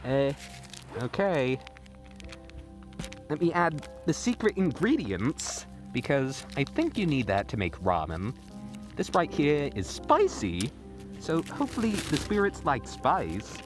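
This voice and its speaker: Young guy vlogging outside in the snow on his phone, rambly and hammy, kinda high voice. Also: huge pitch swings, slow pace, music in the background. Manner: rambling, mock-dramatic, wildly swinging pitch. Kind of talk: comedic outdoor vlog. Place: snowy woods at night. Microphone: phone camera.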